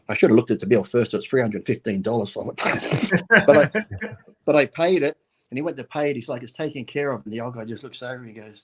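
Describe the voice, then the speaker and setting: Australian man, 50s, rambling swearing storyteller, mid-pitched voice. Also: brisk. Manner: rambling, swears, laughs through anecdotes. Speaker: bodybuilder guest on a talk show. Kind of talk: casual storytelling.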